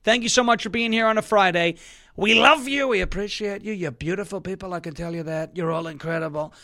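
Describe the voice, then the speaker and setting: A man hosting a casual political talk show, reading an ad and joking loudly in a mocking way. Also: sits high, fairly quick. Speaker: host.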